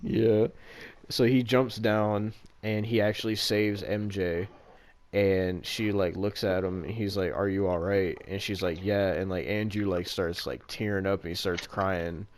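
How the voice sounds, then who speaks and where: A man with a deep, low voice chats casually as a podcast host. He rambles through a story, stacking "like" fillers and dropping the odd swear word. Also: little pitch movement, a little slow. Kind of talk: casual chat retelling a movie plot.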